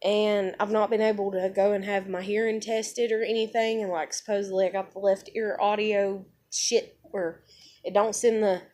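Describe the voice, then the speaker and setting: A woman's voice: medium pitch, little pitch movement, moderate pace, darkish tone. A young woman telling a personal story to camera in a blunt manner, swearing often and using many fillers. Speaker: vlogger.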